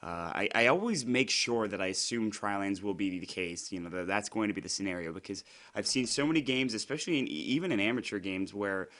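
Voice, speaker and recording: A young man, slightly hoarse from being sick, doing solo play-by-play commentary in a chatty, rambling way with frequent fillers and self-corrections. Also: on the low side, expressive, fairly quick, few pauses, a bit bright. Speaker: esports commentator.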